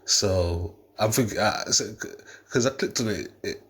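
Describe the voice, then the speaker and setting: A man with a low, slightly husky voice rambles through a reaction commentary. He talks in fits and starts, swearing casually and laughing at what he describes. It sounds unpolished and conversational. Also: unhurried, fairly bright tone. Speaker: reaction vlogger.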